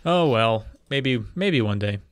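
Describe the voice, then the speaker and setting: A man's voice: medium pitch, lively intonation, slow pace, smooth, no echo. A man co-hosting a podcast in casual chat, rambling and self-deprecating. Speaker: podcast co-host.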